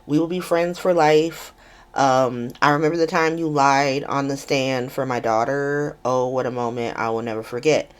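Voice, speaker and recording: A woman's voice: a bass voice, normal speed, voice pushed down. A woman voicing a blunt mobster man who scolds in curt, dismissive lines.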